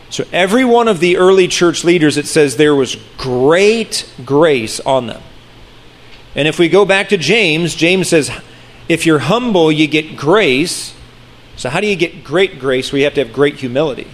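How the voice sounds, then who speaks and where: Earnest man preaching a sermon. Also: on the high side. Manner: earnest, with frequent restarts and slowed emphasis. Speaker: pastor.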